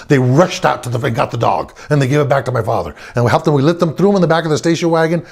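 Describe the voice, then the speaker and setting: A man telling a personal family story, animated, acting out the quotes and chuckling often. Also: a little high, quick pace, vocal fry, few pauses.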